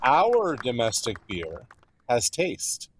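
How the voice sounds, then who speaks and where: A man's voice: mid-range voice, wildly swooping pitch, slow pace, a little hiss or hum. A Canadian man co-hosting a sports radio show, telling stories in a casual way with dry, wry humor. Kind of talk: casual chat, storytelling.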